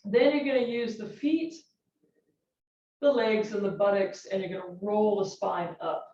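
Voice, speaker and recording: Woman yoga teacher counting reps, talks slow, far from the mic, roomy and kinda muffled. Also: medium pitch. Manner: calm step-by-step cueing with breath counts. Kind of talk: guiding a yoga class. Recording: roomy, distant, dull-sounding studio recording.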